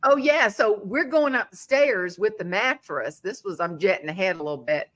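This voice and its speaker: Bright, animated woman telling stories. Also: medium pitch, normal speed. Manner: animated storyteller, acting out voices. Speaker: podcast host. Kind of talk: casual interview chat.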